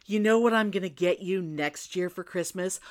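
A woman quoting a calm, cutting husband. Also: fairly low pitch, moderate pace, natural voice. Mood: sarcastic. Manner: dry and sarcastic. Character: calm, cutting middle-aged husband at a family Christmas.

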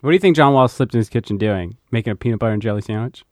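A man's voice: medium pitch, very fast, no echo. A man co-hosting a podcast in casual chat, joking and laughing often. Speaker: podcast co-host.

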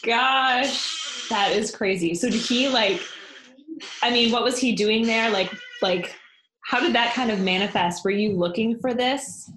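A woman's voice: fairly high pitch, a little slow, echoey room, background noise. A woman hosting a casual conversation, asking chatty, engaged questions.

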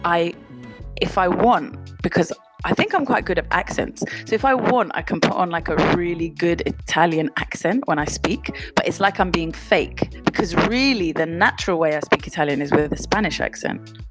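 Speaking from London on a remote call, a musician guest keeps her interview chatty, frequently breaking off mid-thought to laugh. Her voice is on the low side at a moderate pace, with music behind her.

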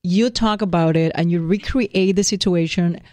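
A woman's voice: on the low side, mellow, no room sound. Young woman, english not her first language, telling stories all playful, dry close mic. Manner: playful, dramatic storytelling, quick to laugh. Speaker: podcast co-host. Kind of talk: casual couple chat.

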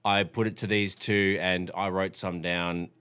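A man's voice: low voice, little pitch movement, unhurried, pushed and bright, clear, resonant tone. An Australian man hosting a podcast, talking in loose, rambling, profane banter. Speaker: podcast host.

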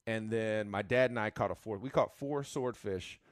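A man from Florida in casual chat, telling stories in an animated way and laughing often. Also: on the low side, normal speed, no echo, studio quality. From Florida, USA.

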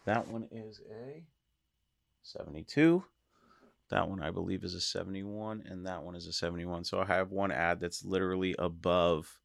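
Man, podcast host, very low voice, chatty, excited, laughs a lot, dry close recording. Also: unhurried, creaky, long pauses, dry recording. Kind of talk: casual solo podcast monologue.

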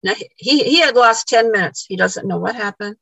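Gravelly woman telling a ghost story. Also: on the high side, lively intonation, fairly quick, a bit bright, no room sound, poor audio. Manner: repeats words, acts out quoted dialogue. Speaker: podcast guest. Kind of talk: storytelling in conversation.

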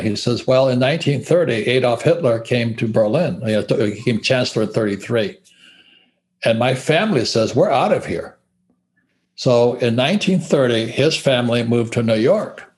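His voice is husky and medium-pitched as this Hawaiian interviewee in his seventies spins profane, lively anecdotes. The talk is blunt and casual, with laughter breaking into his words.

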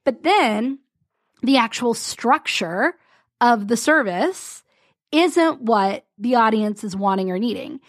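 A woman's voice: fairly high pitch, animated, takes it slowly, dry recording. Chatty woman coach, dry close sound. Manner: chatty, rambling, self-interrupting with little laughs. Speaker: podcast host and business coach. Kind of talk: casual solo podcast talk.

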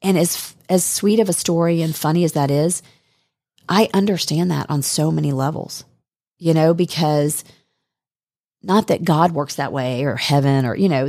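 A woman's voice: deep voice, normal speed, a little mellow, no echo, studio quality. A woman chatting casually on a podcast, reminiscing about a friend with many fillers and restarts.

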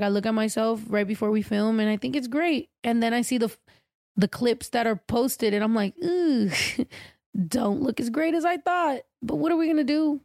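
A young woman co-hosting a podcast, chatty and expressive, swearing and laughing easily. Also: fairly high pitch, dry recording, studio quality. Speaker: podcast co-host. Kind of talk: casual chat.

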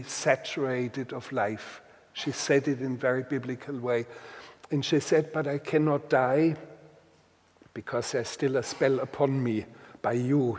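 Male storyteller, deliberate and halting delivery, very slow, recorded with a long reverberant tail. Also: medium pitch, darkish tone. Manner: halting, deliberate, with many restarts. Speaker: guest telling a story. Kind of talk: slow reflective storytelling with readings.

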